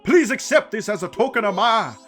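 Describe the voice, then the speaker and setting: A man doing a loud, formal hungry Goron. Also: high-pitched, expressive, a little fast, soft background music, voice pushed up. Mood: grateful. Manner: loud, formal, gushing over food. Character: hungry male Goron stuck up high, polite and grateful.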